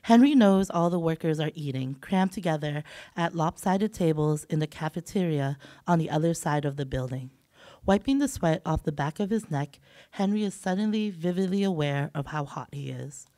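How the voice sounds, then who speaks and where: A woman's voice: low voice, normal speed, dark tone, no room sound. A woman, a novelist, reading from her work in progress at an event while she has a cold, hesitant when she talks off the page. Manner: hesitant, filler-laden when speaking off the page. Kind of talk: literary reading aloud. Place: event hall.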